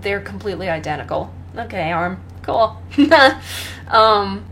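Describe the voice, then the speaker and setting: A young woman chatting casually about her pets, rambling with many pauses and fillers and often breaking into laughter. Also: medium pitch, slight background noise. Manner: rambling, full of ums and laughs, talks to her cat. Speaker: pet owner vlogger. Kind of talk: casual chat.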